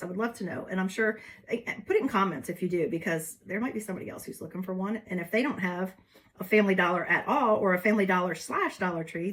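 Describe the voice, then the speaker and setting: A woman hosts a casual craft tutorial. She talks to her viewers in a chatty, folksy way. She keeps working with her hands as she goes. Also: lowish voice. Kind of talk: casual step-by-step craft demo.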